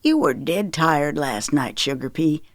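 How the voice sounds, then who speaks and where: A woman voicing a gentle, sheepish older father who speaks in soft, soothing tones. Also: fairly low pitch, expressive, unhurried, no echo, clean studio sound.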